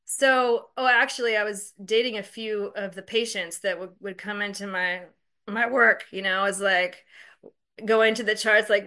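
A woman's voice: mid-range voice, unhurried, sharp tone. A woman casually telling a personal story, candid, profane and self-mocking, chatty with lots of fillers.

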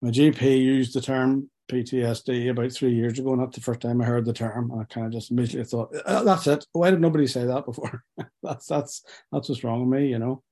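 Mellow-voiced man, halting and reflective. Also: mid-range voice, flat delivery. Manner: halting and reflective, with many pauses and restarts. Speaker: person telling his life story. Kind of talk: personal testimony.

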